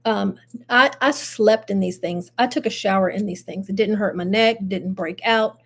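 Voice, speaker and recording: A mid-range, slightly bright voice at moderate pace belongs to an older woman with grandchildren who hosts a laid-back live stream. She greets viewers directly, chatting and laughing frequently.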